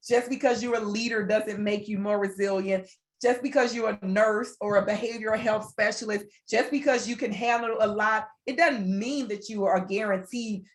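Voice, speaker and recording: Earnest woman presenting a wellness webinar. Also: mid-range voice. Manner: earnest, encouraging, repeats phrases for emphasis. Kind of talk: motivational webinar talk.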